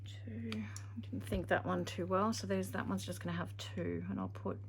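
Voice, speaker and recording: A woman's voice: medium pitch, moderate pace. Woman, craft tutorial narration, chatty, thinking aloud, faint background hiss. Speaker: craft video maker.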